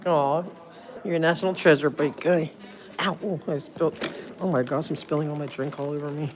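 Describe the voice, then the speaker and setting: Woman, Jersey accent, low-pitched, rambling livestream chatter on a phone. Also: steady tone, brisk, slight background noise. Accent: New Jersey. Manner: rambling and chatty, full of "like" and restarts. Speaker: streamer. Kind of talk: casual livestream chat.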